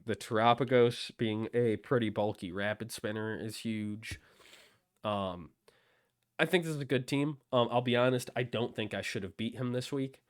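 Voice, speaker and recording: A man's voice: on the low side, smooth, dry recording, studio quality. A man hosting a casual discussion, talking in a hesitant way with many ums. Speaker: host.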